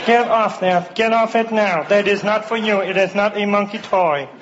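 A man's voice: high voice, moderate pace, heavy background noise, natural voice. A man doing a stiff, over-formal robotic-voiced male professor in a comedy set. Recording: muffled live club recording. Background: loud laughing crowd.

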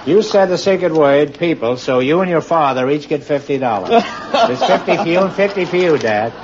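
A man hosting a live quiz show, trading quick deadpan puns with his guests in a slightly high voice. The old broadcast recording sounds dull and muffled. A big studio audience roars with laughter around him. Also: over a noisy crowd, very noisy. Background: studio audience laughing and applauding.

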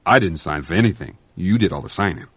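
A man voicing a mild, baffled radio officer, calm and puzzled, on a dull, dry lo-fi recording. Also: low voice, fast, breathy edge, dry recording, full character voice.

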